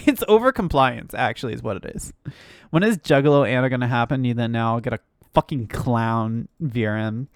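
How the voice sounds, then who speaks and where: A woman's voice: rumbling low, animated, moderate pace, no room sound. Ranting, swearing woman streamer, dry sound. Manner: ranting, swearing, laughing, with lots of fillers. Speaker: streamer and news commentator. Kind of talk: casual live-stream reaction commentary.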